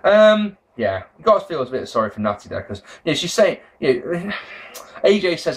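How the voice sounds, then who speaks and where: A man giving a casual, rambling review of a wrestling show, swearing freely and swinging between loud outbursts and low mutters. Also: lively intonation, brisk. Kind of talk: casual video commentary.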